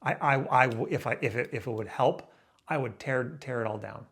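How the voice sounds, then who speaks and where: A man in his late thirties ranting to camera in a raw, emotional vlog, angry and swearing, stumbling over restarts and swinging between loud outbursts and low muttering. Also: moderate pace, vocal fry, husky. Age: 30s. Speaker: vlogger.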